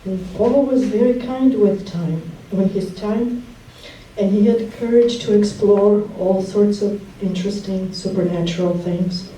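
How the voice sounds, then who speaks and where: A woman gives a memorial speech for her husband, her stories fond and often broken by laughter. Her voice is mellow, picked up from a distance in a roomy hall with a faint hum behind it. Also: medium pitch, unhurried. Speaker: widow giving a eulogy.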